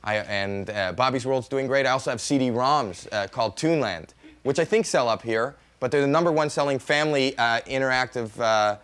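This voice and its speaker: A man's voice: mid-range voice, a little fast, fairly bright tone, a little hiss or hum. A man in his thirties, a comedian and talk show guest, chatting in a joking, rambling way that keeps restarting mid-sentence. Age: 30s. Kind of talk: casual chat with rambling self-interruptions.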